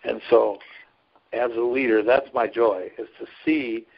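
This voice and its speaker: A man's voice: mid-range voice, fairly even intonation, a little slow, creaky. A man who serves as a trucker chaplain and ministry leader, telling stories in a casual interview in an earnest, folksy way and laughing often. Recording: dull lo-fi recording.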